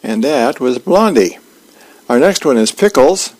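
A man's voice: mid-range voice, lively intonation, unhurried, darkish tone, rough recording. A man, a volunteer reader, reading the newspaper aloud on the radio with small stumbles.

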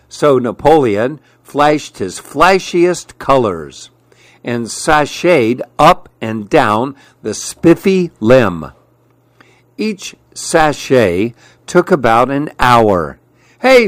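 Slow, expressive male storyteller. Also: mid-range voice, dry recording. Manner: gentle, expressive reading with playful emphasis. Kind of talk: storybook read-aloud.

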